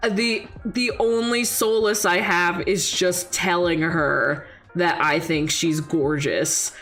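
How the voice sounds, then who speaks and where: A young woman streamer telling a story in casual chat, animated, often laughing and acting out the voices of people she quotes. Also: lowish voice, slow. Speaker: vtuber streamer. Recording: faint music behind the voice.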